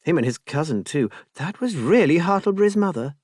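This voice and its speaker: A spirited young woman, frank and bold, her pitch swinging widely, as a male narrator puts her on. The voice is lifted and emphatic. It sounds dry and close, with no room around it. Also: animated, brisk, darkish tone, no room sound. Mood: jubilant. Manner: raised pitch, brash and emphatic. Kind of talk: audiobook character voice.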